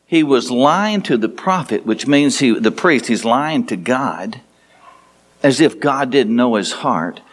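A man's voice: animated, takes it slowly. A man preaching a sermon, retelling a story with playful asides and acting out the dialogue. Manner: storytelling, playful, acts out dialogue with rising pitch. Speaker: pastor.

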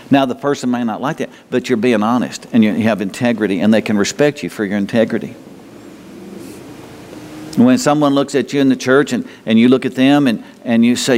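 A man's voice: mid-range voice, fairly quick, a little mellow. A man preaches in a church, speaking conversationally with his congregation. He often repeats words and asks them rhetorical questions. His voice carries a long reverb from the hall. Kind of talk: sermon. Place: church sanctuary.

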